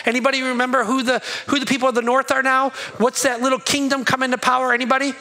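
A man's voice: very high voice, level tone, fast talker, hardly any pauses, sharp tone, rough recording. A male pastor giving a sermon in a church, impassioned and conversational, asking the congregation questions.

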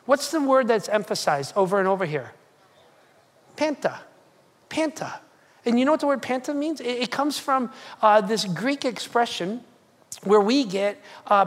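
Animated preacher with a long hall reverb, telling a scripture story, acting out the quoted lines and tossing in jokey asides to the congregation. The voice is pitched in a middle range and carries a lingering echo, like a church sanctuary. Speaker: pastor. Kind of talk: sermon.

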